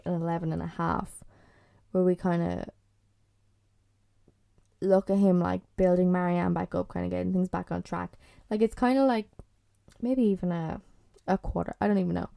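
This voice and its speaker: Woman with a low, gravelly voice. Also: dark tone, dry recording. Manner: swears freely, lots of "like" and "um", blunt and opinionated. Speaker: podcast host. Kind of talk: casual solo chat reviewing a TV series.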